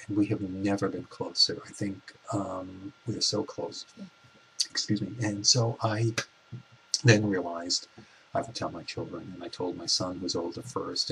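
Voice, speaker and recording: A man in his forties telling a personal story in a soft-spoken, reflective way, with halting restarts. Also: low-pitched, gravelly, slight background noise, low-quality recording. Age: 40s. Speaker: vlogger.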